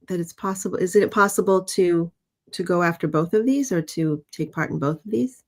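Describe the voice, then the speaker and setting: A middle-aged woman co-hosting a livestream, giving oracle card messages in a thoughtful, gently questioning way. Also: lowish voice, normal speed. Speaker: co-host reading oracle cards. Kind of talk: casual livestream chat.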